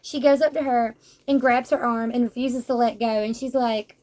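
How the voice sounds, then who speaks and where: A woman with a high voice talks through a manga in a relaxed, chatty way. She acts out the characters' lines with playful energy and laughs often. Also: normal speed. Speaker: manga reviewer. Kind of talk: casual book review chat.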